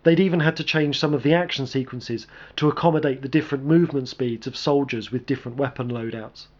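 A man reading a military action story aloud as narrator, in a steady, even delivery. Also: medium pitch, fast talker, dull audio.

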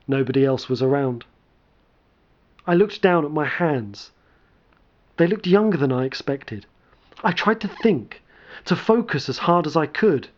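A man narrating a first-person story in a measured, dramatic way. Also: a little high, expressive, darkish tone. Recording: dull lo-fi recording.

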